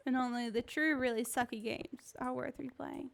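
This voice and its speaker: A woman's voice: high-pitched, fairly even intonation, normal speed, creaky, slight background noise. A young Australian woman streaming a game, rambling and joking at her own expense in casual chat. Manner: rambling, self-mocking and joking.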